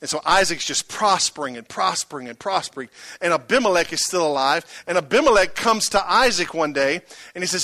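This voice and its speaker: This pastor's voice sits high, and he preaches animatedly and fairly quickly with no echo. His sermon is dramatic, moving from loud bursts to hushed tones while he poses rhetorical questions to the crowd.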